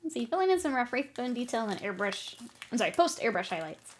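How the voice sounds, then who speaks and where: A woman's voice: fairly high pitch, big pitch swings, fast talker, slight background noise. A woman streaming her miniature painting, chatting casually, laughing often and answering her chat while she works.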